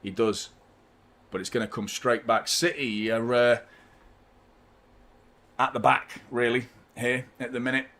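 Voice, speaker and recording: A man's voice: mid-range voice, steady tone, measured pace, long pauses, fairly bright tone. A man hosting a live football watchalong, giving chatty, partisan fan commentary and swearing freely.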